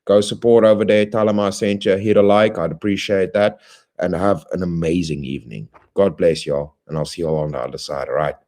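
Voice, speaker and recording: A man hosting a livestream, closing with rambling, friendly shout-outs to viewers in playful slang. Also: deep voice, steady tone, brisk. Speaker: livestream host. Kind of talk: casual stream sign-off.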